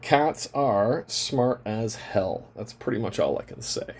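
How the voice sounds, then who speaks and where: Card-break host, male, husky voice, lively rambling pitch, stretches out phrase endings, casual cursing. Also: slow. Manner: draws out the ends of phrases; rambling, chatty, swears casually. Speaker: card-opening channel host. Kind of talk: casual chat while opening trading cards.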